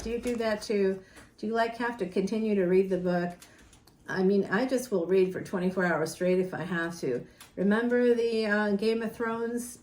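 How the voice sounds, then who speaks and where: A woman's voice: medium pitch, darkish tone. Chatty woman in an echoey room. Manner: chatty and rambling, laughs often, addresses viewers directly. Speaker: tarot reader. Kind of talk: casual tarot reading chat.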